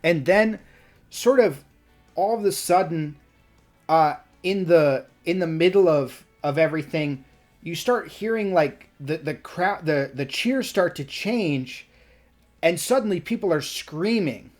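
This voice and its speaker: Casual gm narrating a tabletop game, lots of uhs, mid pitch, faint music in the back. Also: expressive, unhurried, darkish tone. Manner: casual, many fillers and restarts, laughs often. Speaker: game master.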